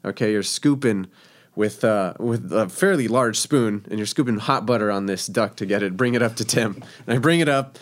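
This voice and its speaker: A man casually telling a story about working as a cook, animated and laughing often. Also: fairly low pitch, moderate pace. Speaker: guest telling a kitchen story.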